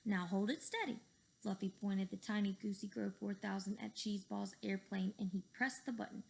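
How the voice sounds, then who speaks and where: A woman reading a children's book aloud with lively, expressive storytelling. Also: medium pitch, fairly quick, creaky, slight background noise. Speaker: reader.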